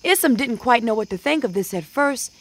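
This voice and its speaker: A woman's voice: on the high side, expressive, a little fast. Woman storyteller, folksy dialect, oral folk tale delivery. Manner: sing-song character voices, folksy dialect.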